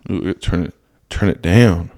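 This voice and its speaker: A man's voice: low-pitched, measured pace, heavy background noise. A young man hosting a solo comedy podcast, swearing a lot and mocking what he reads in a sarcastic rant. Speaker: podcast host.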